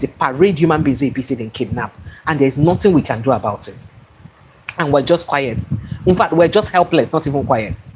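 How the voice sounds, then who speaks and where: Low-voiced Nigerian woman reading news. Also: background noise. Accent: Nigerian, with Nigerian Pidgin. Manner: reads headlines, then comments in exasperated asides. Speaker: online news show host. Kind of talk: live news commentary.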